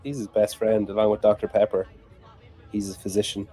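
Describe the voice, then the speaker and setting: Dry, sarcastic low-voiced man. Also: flat delivery, brisk, mellow. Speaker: podcast co-host. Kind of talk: casual chat watching a broadcast.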